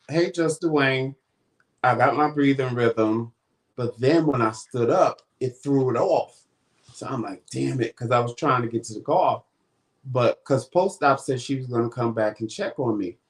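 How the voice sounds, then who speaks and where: A man hosting a vlog, casually retelling a story and acting out the quoted dialogue. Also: mid-range voice. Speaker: vlog host.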